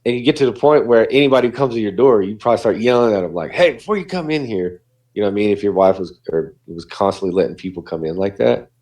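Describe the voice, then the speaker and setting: Man, dog behaviorist, low voice, warm mellow tone, casual animated podcast talk. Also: very fast, few pauses. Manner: animated, acts out what dogs and people say.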